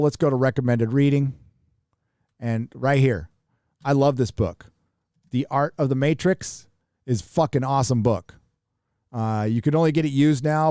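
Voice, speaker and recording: The host's voice sits at medium pitch with a warm tone, in a clean studio recording with no room sound. On his live stream he rambles and curses casually, reading viewer donations aloud.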